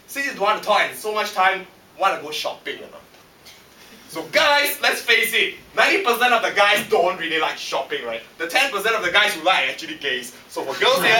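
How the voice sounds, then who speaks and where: A man with a Singaporean English accent giving a humorous contest speech in a lively, punchy way that teases the audience, recorded in a function room by a far camera. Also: sits high, a little hiss or hum. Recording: echoey hall from far off.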